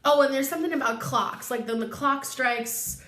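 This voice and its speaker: A woman's voice: high-pitched, moderate pace, bright, forceful tone. A woman vlogger retelling a story in casual comic style, rambling with slang and filler words. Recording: echoey room.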